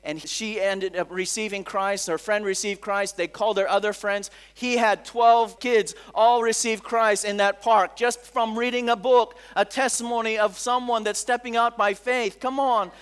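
A middle-aged man preaching a sermon as a pastor, telling stories in an animated way, often saying "come on" and acting out the voices of people he quotes. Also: high-pitched, normal speed, hardly any pauses, smooth. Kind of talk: sermon with storytelling.

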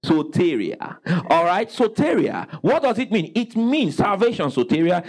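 Pastor guy preaching, voice jumps all over, asks the crowd to fill in words, bit high pitched. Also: sing-song, normal speed, hardly any pauses, darkish tone, rough recording. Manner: call-and-response preaching, exclaims praise. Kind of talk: sermon.

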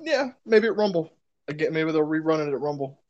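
A laid-back man chatting about wrestling and swearing casually. His voice sits a little higher than most men's. The sound is muffled and lo-fi. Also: animated, fairly quick, darkish tone.

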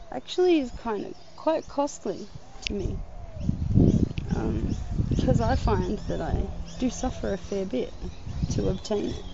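A woman, congested from a headache, musing aloud and laughing in a casual outdoor podcast monologue. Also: mid-range voice. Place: outdoors, sitting on the ground. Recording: muffled with clear background noise.

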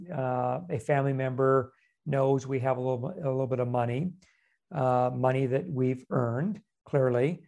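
A man hosting a podcast, answering a listener's question with calm, measured advice. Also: medium pitch, vocal fry. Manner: calm, measured, reflective explaining. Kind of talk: casual podcast advice talk.

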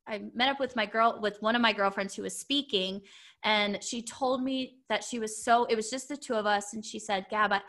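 Bright-voiced woman telling a heartfelt story. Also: medium pitch. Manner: heartfelt, rambling storytelling with many fillers. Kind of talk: casual podcast chat.

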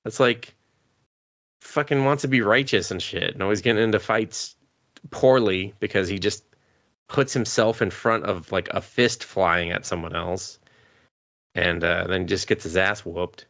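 A man's voice: deep voice, fairly even intonation, a little slow, fairly bright tone, dry recording. A man hosting a podcast, recapping anime in a rambling, profane, casual way while sick with a cough, chuckling often. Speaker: podcast host.

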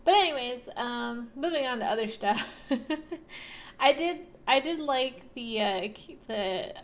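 Young female podcast co-host, chatty, slightly high voice, casual. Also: expressive, slow pace. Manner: chatty, many fillers, laughs often. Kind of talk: casual chat.

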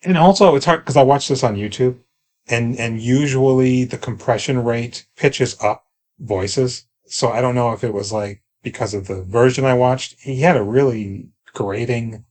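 A man's voice: mid-range voice, normal speed, a little mellow. A man co-hosting a podcast, chatting casually and wryly about a movie, often restarting his sentences. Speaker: podcast co-host. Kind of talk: casual movie review chat.

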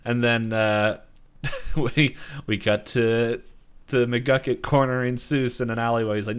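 A man's voice: mid-range voice, steady tone, a little slow, clean tone. A man co-hosting a podcast, casually recapping a cartoon episode, rambling, laughing often and acting out quotes. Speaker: podcast co-host.

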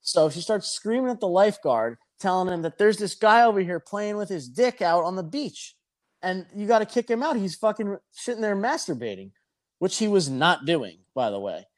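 A man spinning a long, crude story in casual banter. His voice sits a bit high. He swears as he goes and rambles through the details. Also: animated, normal speed. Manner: profane, rambling anecdotal delivery.

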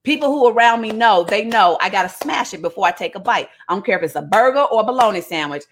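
A woman's voice: medium pitch, animated, fast, slight background noise. A woman retelling a Bible story comically, with playful slangy asides and frequent laughs.

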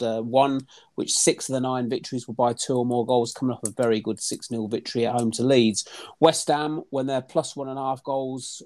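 A man's voice: medium pitch, darkish tone. A man methodically reading out football handicap statistics, with frequent hesitant fillers. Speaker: betting statistics analyst.

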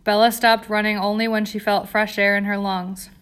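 A woman's voice: mid-range voice, flat delivery, normal speed, fairly bright tone, clean tone. Woman reading a dramatic story aloud. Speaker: narrator. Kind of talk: audiobook narration.

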